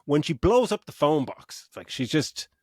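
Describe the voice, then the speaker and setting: A man's voice: fairly high pitch, sing-song, moderate pace, slightly rough, dry recording. Exasperated sweary man, dry sound. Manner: exasperated, sweary, laughs while ranting. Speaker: podcast co-host. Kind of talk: casual film review chat.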